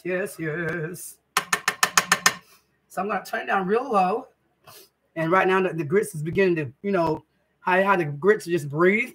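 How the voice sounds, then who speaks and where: A woman's voice: on the low side, fairly bright tone, a little hiss or hum, poor audio. A middle-aged woman, hosting a casual home cooking vlog in her kitchen and chatting homily with viewers. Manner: chatty, homey, addresses viewers as guys and y'all. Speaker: cooking channel host.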